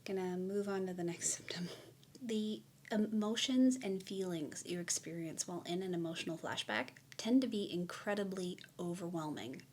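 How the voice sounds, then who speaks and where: A woman's voice: fairly low pitch, a little mellow, slight background noise. A woman giving a candid, reflective personal explainer to the camera, earnest and open. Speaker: mental health vlogger.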